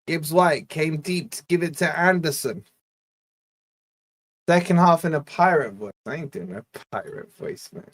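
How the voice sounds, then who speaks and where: A man's voice: fairly high pitch, measured pace. Scottish-born man doing live football commentary. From Scotland. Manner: casual play-by-play, bantering with live chat. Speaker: fan channel host.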